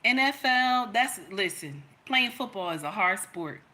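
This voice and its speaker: A woman's voice: medium pitch, lively intonation, a little slow, pushed and bright. A woman, giving an emphatic, storytelling opinion monologue in which she repeats her points. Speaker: content creator.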